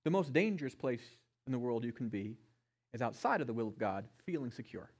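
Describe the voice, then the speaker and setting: A man's voice: mid-range voice, sing-song, brisk, husky. Passionate male pastor preaching a sermon. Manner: passionate, swinging between loud emphasis and hushed tones.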